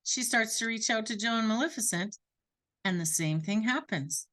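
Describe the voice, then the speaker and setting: A woman coaching her business team, telling an animated story. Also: a little high, normal speed. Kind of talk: storytelling talk.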